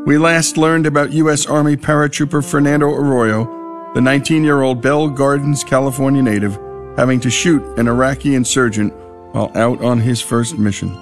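A man hosting a radio storytelling show, reading a measured, scripted introduction. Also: mid-range voice, fairly even intonation, faint music behind. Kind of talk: scripted narration.

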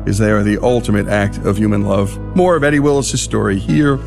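A man's voice: on the low side, brisk, creaky. A man hosting a radio story show, narrating as a storyteller and introducing the segment. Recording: voice over music.

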